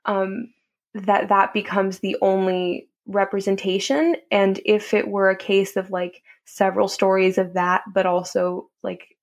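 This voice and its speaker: A woman's voice: medium pitch, level tone, measured pace. Thoughtful woman co-host, casual talk. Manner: thoughtful, hedging with "like" and "I think". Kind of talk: casual discussion.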